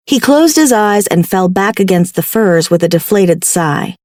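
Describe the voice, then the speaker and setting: A woman narrating a paranormal romance audiobook in the first person, with a wry, expressive delivery. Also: medium pitch, a little slow, few pauses, dry recording, studio quality.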